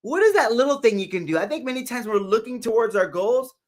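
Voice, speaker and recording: Upbeat high-voiced man hosting a live stream. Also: animated, fast talker. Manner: upbeat, greets viewers by name, laughs often. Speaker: livestream motivational host. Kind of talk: live stream chat reading. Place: home livestream setup.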